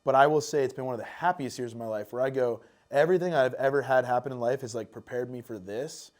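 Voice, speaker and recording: A man's voice: mid-range voice, quick pace. A man chatting casually as a podcast guest, rambling with lots of fillers and swearing freely. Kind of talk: casual chat.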